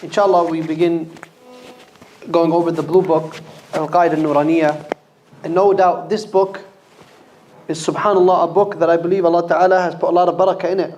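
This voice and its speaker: A man's voice: fairly high pitch, level tone, a little fast, pauses often, a little mellow, lo-fi sound, a little hiss or hum. A man teaching a Quran reading class in a mosque, sounding out letters for students to repeat. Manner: repeats letters for students to echo, stressing pronunciation. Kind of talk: classroom recitation lesson.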